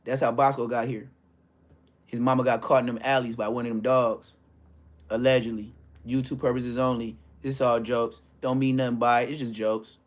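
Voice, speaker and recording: Male streamer, mid-pitched, brash and profane, with street-slang storytelling that swings from hushed to loud. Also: flat delivery, moderate pace. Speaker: livestream host. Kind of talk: casual profane livestream rant.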